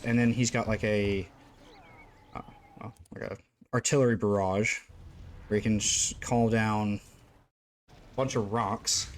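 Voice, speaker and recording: A man with a fairly low voice talks through a strategy game in a loose, rambling way, full of "uh"s and the odd curse. A faint hiss runs behind him. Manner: rambling, lots of fillers, occasional swearing. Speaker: gaming channel host. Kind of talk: casual gameplay commentary.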